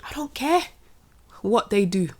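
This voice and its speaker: A woman's voice: mid-range voice, animated, unhurried, darkish tone. A young adult woman hosting her own wrestling channel, giving an exasperated, opinionated rant that keeps repeating and trailing off. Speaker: wrestling commentary channel host. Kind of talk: opinionated casual rant to camera.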